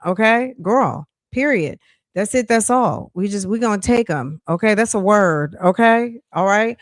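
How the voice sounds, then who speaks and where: A woman's voice: mid-range voice, animated, unhurried, dry recording, clean studio sound. A woman hosting a casual true-crime news chat, chatty and emphatic with sassy asides. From New York. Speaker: true-crime commentary host.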